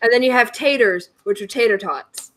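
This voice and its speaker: A woman's voice: on the high side, normal speed, fairly bright tone. A woman from Georgia, a guest in a casual chat, talking bluntly and playfully and laughing at herself. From Georgia, USA.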